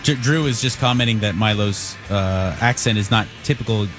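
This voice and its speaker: A man co-hosts a talk show in a blunt, joking way. He cuts in quickly with his own remarks. Faint music plays softly behind him. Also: lowish voice. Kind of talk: casual talk-show banter.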